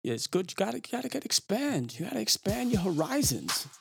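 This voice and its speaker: A man hosting a podcast, chatting casually in an animated, rambling way with lots of fillers. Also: high voice, fairly quick, gravelly, soft background music. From Brooklyn. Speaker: podcast host. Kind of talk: casual chat.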